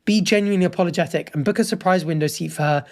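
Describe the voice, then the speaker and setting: A man's voice: high voice, racing, darkish tone. A man hosting a casual commentary show, reading online posts aloud and then giving his frank opinions on them.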